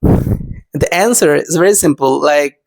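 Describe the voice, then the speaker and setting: A man's voice: fairly high pitch, unhurried, vocal fry. A man with an Indian accent, an English teacher talking casually to his viewers, full of fillers like "I mean" and "you know". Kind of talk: casual vlog lesson.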